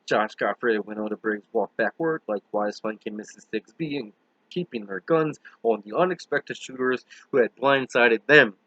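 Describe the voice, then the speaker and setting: A man reading a novel aloud in a steady, earnest, dramatic audiobook narration, on a dull, dry, lo-fi recording. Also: mid-range voice, moderate pace, dry recording. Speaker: audiobook reader.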